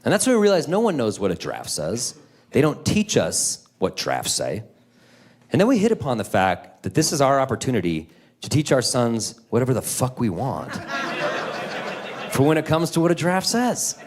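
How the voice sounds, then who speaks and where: A man in his forties doing a stand-up comedy set on stage, telling animated, self-deprecating stories. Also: mid-range voice, normal speed. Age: 40s.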